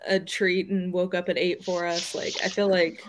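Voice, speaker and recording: A woman's voice: lowish voice, little pitch movement, moderate pace, slight background noise. Chatty woman on a video call. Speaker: guest book reviewer. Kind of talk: casual video call chat.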